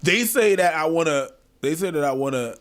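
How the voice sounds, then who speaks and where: Lively, high-voiced man talking bluntly. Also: moderate pace, slight background noise. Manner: animated and blunt, swears freely. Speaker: guest in a discussion video. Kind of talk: casual discussion.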